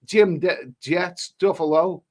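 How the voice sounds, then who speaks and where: A man's voice: high-pitched, slow. A middle-aged man from England hosting a casual live stream, reading out viewer names and messages and chatting about them. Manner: rambling, chatty, reads out usernames and messages.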